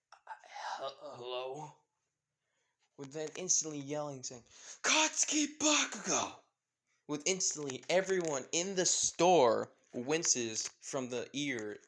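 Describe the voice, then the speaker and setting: A young man improvising a fan story narration, rambling and fumbling over names with lots of fillers. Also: mid-range voice.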